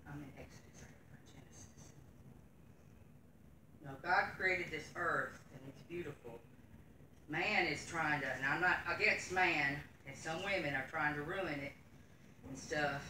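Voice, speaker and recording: In a deep, pushed and bright voice, unhurried and full of pauses, a middle-aged woman reads scripture during a Sunday school lesson delivered in an earnest, folksy manner. The church room sounds echoey from far off, with slight background noise.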